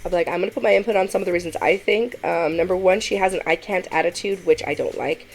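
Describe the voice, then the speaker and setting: A woman's voice: on the low side, fast talker, soft background music. A woman hosts a reaction commentary and talks in an emphatic, opinionated way. She often acts out what she would say to critics. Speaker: commentary host.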